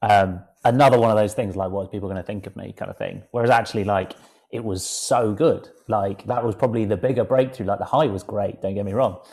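A man with a fairly low voice thinks aloud in a relaxed podcast conversation. He wanders through his points, reflective and heavy on fillers. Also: fast talker, creaky. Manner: reflective, rambling with many fillers. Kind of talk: casual podcast chat.

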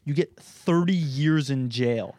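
Man, casual podcast co-host, a touch high-pitched, swears a lot, dry close sound. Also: slow, warm tone, no echo. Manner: casual, swears, reacts with short interjections. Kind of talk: casual chat.

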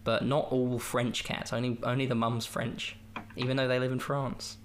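A man's voice: medium pitch, little pitch movement, normal speed, a little hiss or hum. A man hosting a podcast, chatting casually about a film in a rambling, jokey and self-amused way. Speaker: podcast host. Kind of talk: casual film review chat.

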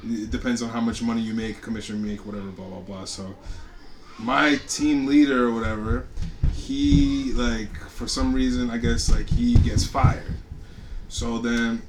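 A man's voice: medium pitch, slight background noise, low-quality recording. A man co-hosting a podcast, telling a story in casual chat, rambling with many fillers. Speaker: podcast co-host.

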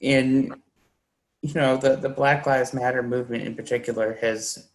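A man's voice: medium pitch, level tone, normal speed, rough recording. A man hosting a podcast, talking casually and hesitantly with many fillers. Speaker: podcast host.

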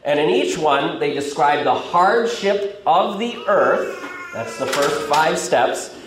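A man's voice: a little high, slow. A man preaching a sermon as a pastor, explaining scripture in a conversational teaching manner. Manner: conversational teaching, lively rising and falling delivery. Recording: echoey room, faint noise.

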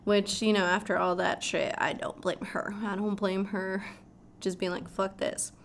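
A woman casually recapping a plot in a vlog, animated and swearing freely. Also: medium pitch, moderate pace, creaky, a little hiss or hum.

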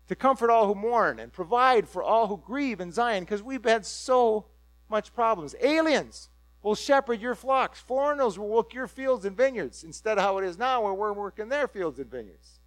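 This sermon comes as vivid storytelling from a man whose voice is high for a male, climbing into excited bursts as he plays the crowd's reactions. The recording is close and dry, lacking room sound, with a low mains hum beneath.

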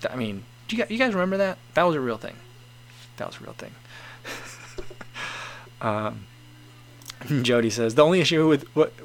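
A man's voice: mid-range voice, fairly bright tone. A man from the United States hosting a live stream, chatting casually through viewer comments with many fillers, restarts and chuckles. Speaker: livestream host reading viewer comments. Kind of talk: casual chat.

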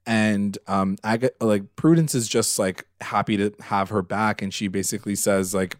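A man with a fairly low voice co-hosts a casual TV recap podcast. He talks in loose runs full of fillers and gets animated as he retells emotional scenes. The close mic sounds dry, with no room around him. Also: moderate pace, hardly any pauses, no room sound. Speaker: podcast co-host. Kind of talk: casual chat recapping a TV episode.

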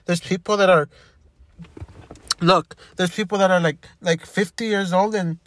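A man in his fifties talking in an emotional monologue, halting and repeating himself, frustrated and upset. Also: sits high, steady tone, no room sound. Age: 50s.

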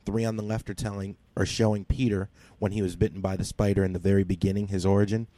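Deep, dark-toned man recapping a comic. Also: little pitch movement, fast talker, no room sound. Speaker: podcast co-host. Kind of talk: casual comic book recap.

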